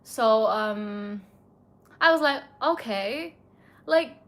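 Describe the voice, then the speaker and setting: A woman's voice: high voice, expressive, moderate pace, a bit bright. A young woman from India, telling a personal story to her viewers in a chatty, indignant way, filling her talk with "like". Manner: chatty, indignant, heavy use of filler "like". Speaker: vlogger. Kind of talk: casual storytime monologue.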